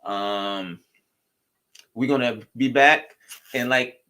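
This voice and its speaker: Male co-host, bright forceful tone, loose playful rambling chat. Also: mid-range voice, slow pace. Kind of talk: casual chat.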